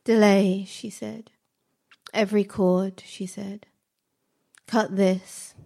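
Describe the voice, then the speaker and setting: A woman reciting spoken word poetry in slow, measured, fragmented phrases. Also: medium pitch, level tone, gravelly, warm tone.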